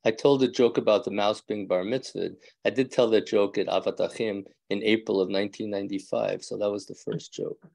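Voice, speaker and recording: A man's voice: on the low side, fairly even intonation, a little fast, gravelly, hardly any pauses, a little mellow, no echo. A rabbi giving an informal class, chatting to the group in a conversational way and often repeating his words as he goes.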